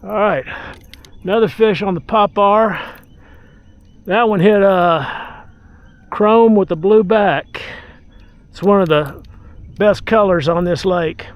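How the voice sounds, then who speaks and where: A man calmly talking through his fishing from a boat on a lake, often sighing. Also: high-pitched, slow, pauses often, no room sound. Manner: relaxed, talks to the fish, frequent sighs. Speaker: fishing vlogger. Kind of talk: casual on-the-water commentary.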